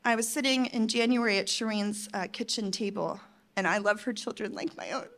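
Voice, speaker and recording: A woman with a medium-pitched, brisk voice gives an impassioned, tearful conference address. She pleads emphatically with her audience, swinging between loud outbursts and soft, hushed moments.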